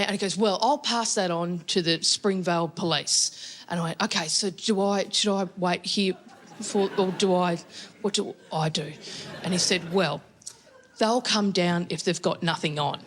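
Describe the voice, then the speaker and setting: A woman's voice: fairly low pitch, normal speed. A woman with an Australian accent telling a stand-up story in a chatty, wry way, acting out the people she quotes. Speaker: stand-up comedian. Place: comedy venue before a laughing audience.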